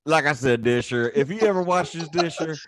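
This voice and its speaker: A man's voice: on the high side, a little fast, fairly bright tone. A man in casual podcast banter, laid-back and profane. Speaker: podcast co-host. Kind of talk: casual chat.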